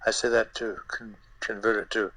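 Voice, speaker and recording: An older man, a guest puppeteer, telling stories in an interview in a halting way, repeating words and using many fillers. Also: lowish voice, little pitch movement, bright, forceful tone, no room sound, rough recording. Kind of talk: anecdotal interview storytelling.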